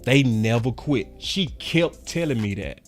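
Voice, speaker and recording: A man's voice: medium pitch, expressive, unhurried, soft background music. A man in his forties, a sports fan commentator, giving a passionate and repetitive rant to camera with preachy emphasis.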